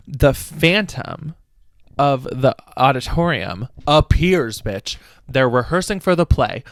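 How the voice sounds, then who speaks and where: A man's voice: medium pitch, fairly bright tone, no room sound. A man recapping a book casually on a podcast, rambling and swearing, laughing at the silly plot. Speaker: podcast host.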